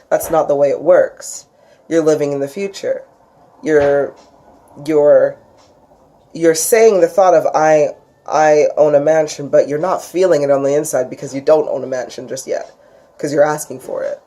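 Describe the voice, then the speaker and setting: Chatty woman giving a spiritual lesson. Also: mellow. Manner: chatty, acts out quoted voices with big pitch jumps; frequent restarts and laughs. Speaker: spiritual teacher. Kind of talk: casual spoken lesson.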